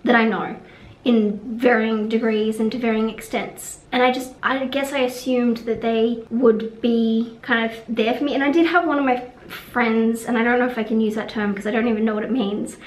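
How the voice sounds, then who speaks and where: Young woman vlogger, rambling and blunt, slightly high voice, echoey room. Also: fairly even intonation, moderate pace. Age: young adult. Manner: rambling, frank, swears, trails off. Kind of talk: casual vlog monologue. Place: room at a conference venue.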